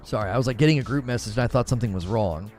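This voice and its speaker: A man's voice: mid-range voice, rapid-fire, darkish tone, soft background music. A man hosting a live gaming stream, reading chat messages and arguing his views with rhetorical questions. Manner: opinionated, explains with rhetorical questions.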